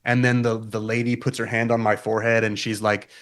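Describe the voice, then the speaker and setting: Low-voiced man telling a wild story. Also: fairly quick. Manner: swears often, frequent "like" fillers; animated, vivid storytelling. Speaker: podcast guest, metal guitarist. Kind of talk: casual podcast storytelling.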